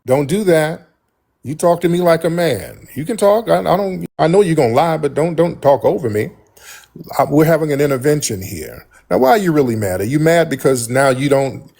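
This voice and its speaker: A man's voice: a little high, warm tone. A man hosting a livestream call-in debate, combative and repeating pointed questions at a caller. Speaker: livestream host.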